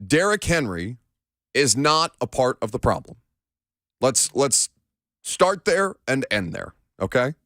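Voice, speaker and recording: A man's voice: medium pitch, sing-song, slow, a bit bright, no echo, studio quality. A man hosting a sports talk radio show, joking with his crew and giving blunt, opinionated takes. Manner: bantering, then blunt opinionated analysis. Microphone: studio microphone.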